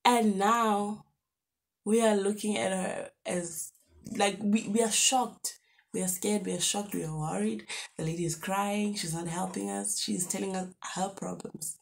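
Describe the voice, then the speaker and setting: A young woman with a South African accent telling a storytime on her vlog, animated and lively, throwing in local slang exclamations. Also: mid-range voice, unhurried, gravelly. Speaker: YouTuber.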